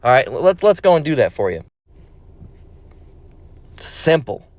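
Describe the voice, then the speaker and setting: A man's voice: medium pitch, big pitch swings, a little slow, a little mellow, no echo. A man preaching a profane, mocking rant, quoting scripture and stammering in repeats. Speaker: religious video preacher.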